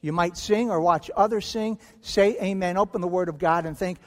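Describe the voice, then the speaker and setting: A man's voice: sits high, moderate pace, hardly any pauses, darkish tone. A man preaching a sermon as pastor, emphatic, acting out quoted voices in a church sanctuary. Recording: long hall reverb.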